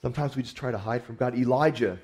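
Man, pastor, sermon, folksy storytelling, conversational, repeats words, medium pitch. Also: fast talker, darkish tone.

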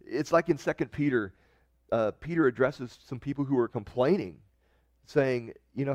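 A man's voice: mid-range voice, normal speed, a little mellow, dry recording. A man preaching a sermon in a conversational way, reading scripture and often restarting his sentences. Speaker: pastor.

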